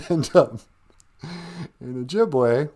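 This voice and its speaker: A man's voice: mid-range voice, lively intonation, very slow, darkish tone. A man hosting a comedic live-stream language lesson, teasing a pretend caller in a blunt, chatty way. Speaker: Ojibwe language teacher and host.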